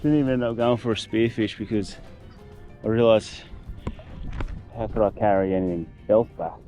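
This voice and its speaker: Casting note: easygoing Australian guy in his thirties, lowish voice, vlog chat over background music. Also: moderate pace, mellow. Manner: laid-back, laughs often, storytelling. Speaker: vlogger. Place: outdoors, coast and van.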